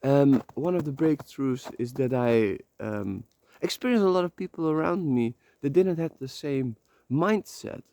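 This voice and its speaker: Out walking on a slippery path, a vlogger from the Netherlands talks into his phone with a warm, expressive mid-range voice, keeping a measured pace and few pauses. The emotional motivational monologue rambles, feels heartfelt, and includes casual swearing.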